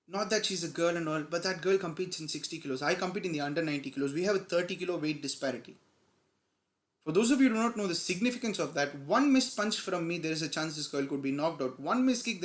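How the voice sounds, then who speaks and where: A man vlogger telling a personal story in a casual, animated way, stressing key moments. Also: fairly high pitch, fast, roomy sound. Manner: animated, emphatic retelling with quoted dialogue.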